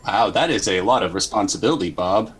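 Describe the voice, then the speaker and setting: A man's voice: on the low side, fairly quick, breathy edge, poor audio. A man playing a stiffly polite robot. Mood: formal. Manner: stiff, formal diction. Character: overly polite male robot companion.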